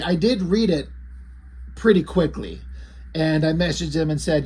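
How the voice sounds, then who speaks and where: Man, husky voice, a bit high, rambling casual comic review, lots of fillers. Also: moderate pace, darkish tone. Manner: rambling, conversational, with frequent fillers and restarts.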